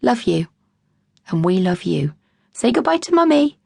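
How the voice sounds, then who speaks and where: A woman's voice: mid-range voice, very animated, measured pace, creaky, dry recording, full character voice. A woman voicing an easygoing husband who teases and sighs wryly in an audiobook. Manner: wry, teasing, sighing. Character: easygoing joking husband, adult man.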